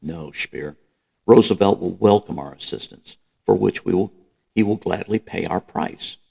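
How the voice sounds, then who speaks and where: A man voicing a grandiose middle-aged dictator, speaking in a slow, emphatic rant. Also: sits low, gravelly, warm tone, slightly rough, full character voice.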